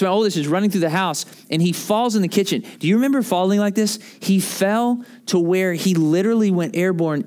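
A man in his thirties preaching a casual, joking sermon with lots of asides. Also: high voice. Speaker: pastor. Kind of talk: conversational sermon.

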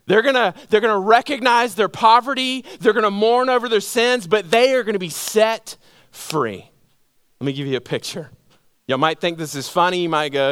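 A middle-aged male pastor with a high-pitched voice delivers a sermon in a conversational, storytelling manner. He peppers the congregation with rhetorical questions and swings from loud, emphatic peaks to soft, low passages. The sound is dry and close. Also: smooth, no room sound. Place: church hall with a congregation.

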